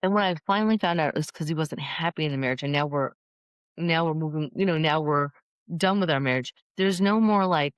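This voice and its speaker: A middle-aged woman in casual chat, talking fast and acting out quoted voices. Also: sits low, clear, resonant tone, no room sound. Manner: animated, acts out quoted voices. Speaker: podcast guest.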